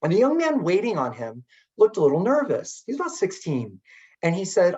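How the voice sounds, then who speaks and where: A man's voice: high-pitched, moderate pace. Middle-aged man, keynote speaker, chatty storytelling, swooping voice, dull lo-fi audio. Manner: animated and chatty, many "like" fillers. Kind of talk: storytelling webinar talk.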